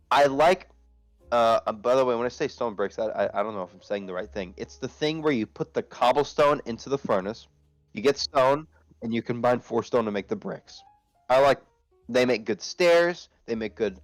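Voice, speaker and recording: A man's voice: medium pitch, no room sound. A young man chatting as a guest in a casual online interview, rambling and swearing freely over a headset.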